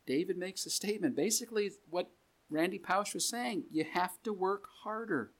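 A man's voice: high voice, moderate pace. Conversational male preacher reading scripture in a meeting room, easy joking tone. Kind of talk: sermon.

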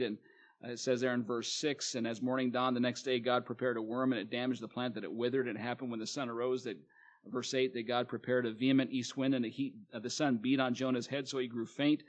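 A male preacher reading scripture aloud and explaining it in a plain sermon, with fillers and restarts. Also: mid-range voice.

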